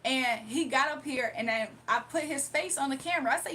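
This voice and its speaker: A woman's voice: sits high, moderate pace, few pauses, a bit bright, a little hiss or hum. A woman live streamer ranting casually, indignant and emphatic, with frequent laughs. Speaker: live streamer and spiritual reader.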